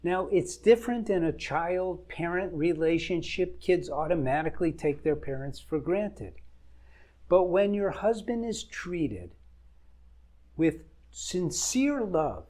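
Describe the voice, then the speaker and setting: Slow, earnest older man giving advice. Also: a little high, lively intonation, a little mellow. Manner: earnest, emphatic lists. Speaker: marriage coach. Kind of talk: advice talk to camera.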